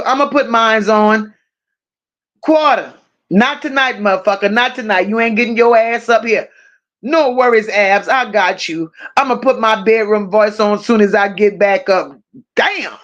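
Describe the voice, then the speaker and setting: A woman's voice: on the high side, a bit bright, lo-fi sound. A woman hosting a livestream, reading viewers' comments aloud and firing back with profane, teasing banter. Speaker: livestream host. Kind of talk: casual live chat reading comments.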